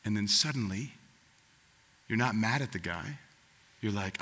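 A man's voice: mid-range voice, a little slow, pauses often, bright, forceful tone, in a large hall. A man preaching a sermon, speaking earnestly and directly to the congregation as their pastor.

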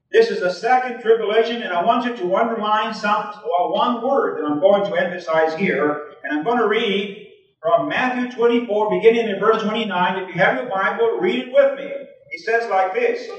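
A man's voice: sits high, muffled recording. A man preaching a sermon as pastor, emphatic, reading scripture aloud to his congregation. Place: church. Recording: echoey, distant 1980s church recording.

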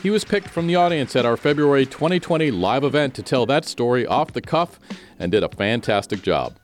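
A man's voice: mid-range voice, animated, brisk, a little hiss or hum. A man hosting a podcast, reading the closing credits and thanks. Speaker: podcast host. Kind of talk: scripted outro.

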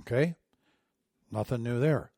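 A middle-aged man delivering political commentary with a sarcastic, indignant edge that swells into loud outrage. His voice sits in an ordinary middle range. The recording is dry and close, with no room echo. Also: medium pitch, unhurried. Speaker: commentary host.

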